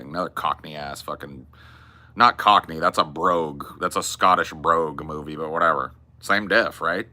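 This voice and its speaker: A man's voice: low-pitched, bright, forceful tone. A man hosting a podcast, riffing in casual, profane and emphatic chat about movies. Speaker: podcast host.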